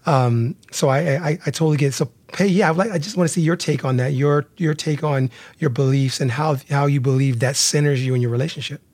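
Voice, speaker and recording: A man's voice: a little high, a little fast, few pauses, a little mellow, no echo. Male host, earnest and stop-start, close dry sound. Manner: earnest, repeats words often. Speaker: podcast host. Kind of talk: casual interview talk.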